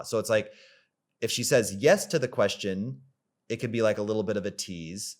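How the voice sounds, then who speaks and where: Man, lowish voice, dating coach, casual rambling monologue, filler words, casual swearing. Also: normal speed.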